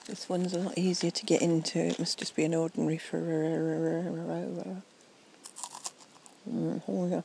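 This low-quality portable recording catches a slightly tipsy woman whispering a soft, rambling ASMR chat at night, outdoors among trees and near a fountain. Her voice is on the low side with vocal fry, her delivery flat and measured, and there's a little hiss or hum.

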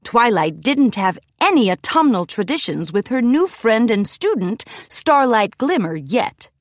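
A woman reading a children's audiobook aloud in a lively, expressive storytelling manner, recorded close in a studio. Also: a little high, measured pace, no room sound. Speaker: audiobook narrator. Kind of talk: scripted children's audiobook narration. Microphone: close studio mic, dry.

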